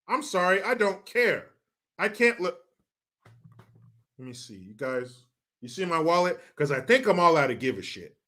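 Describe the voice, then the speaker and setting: A man rants through political commentary with a sarcastic, profane, mocking edge. His voice sits high and bright, moving slowly with wide, lively swings in pitch. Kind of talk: ranting commentary.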